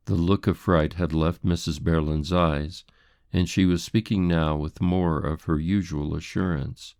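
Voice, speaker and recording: A man narrating an audiobook in a deep, gravelly voice with a dark, mellow tone. The sound is dry and close, and his delivery stays steady. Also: unhurried, dry recording. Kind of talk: scripted narration.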